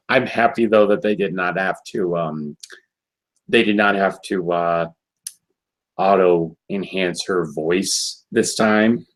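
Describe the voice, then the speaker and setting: Male podcast co-host, slow unhurried delivery, low-ish voice, hesitant. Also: rough recording. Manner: laid-back, hesitant, many fillers. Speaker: podcast co-host reviewing a cartoon episode. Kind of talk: casual chat.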